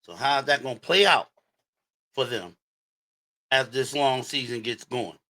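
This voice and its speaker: A man hosting a sports livestream, breaking down games in an emphatic, animated way and talking straight to his viewers. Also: medium pitch, a little slow. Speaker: sports show host.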